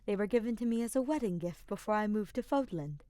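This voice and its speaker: Woman reading as a calm, patient mother mage. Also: medium pitch, fast talker, no room sound, pitched above the performer's own voice, natural voice.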